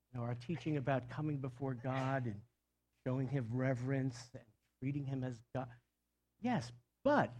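A man preaching a Bible-study sermon, reading a psalm aloud and then explaining it in a conversational, animated way, often restarting his phrases. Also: on the high side, husky. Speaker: pastor.

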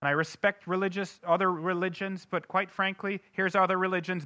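A man preaching a sermon as a pastor, swinging between soft, low asides and loud, emphatic questions. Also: brisk, no room sound. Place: church sanctuary.

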